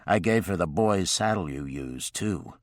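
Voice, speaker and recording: A male audiobook narrator voicing a gruff, guarded frontiersman who gives curt, clipped commands. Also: low voice, expressive, a little slow, no echo, clean studio sound. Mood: stern.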